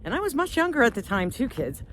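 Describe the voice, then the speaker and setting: Woman vlogger, middle-aged, slightly high and very expressive, self-mocking storyteller on a walk. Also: fast talker, slight background noise. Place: outdoors on a walk.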